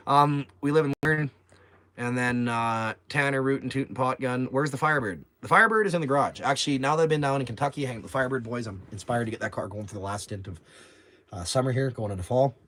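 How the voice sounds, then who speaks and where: A brash man in his forties rattles off a profane, rambling story at a quick clip, his voice sitting at an everyday middle pitch. He jumps into asides and back again, talking casually as host of his own livestream. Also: fairly bright tone. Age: 40s.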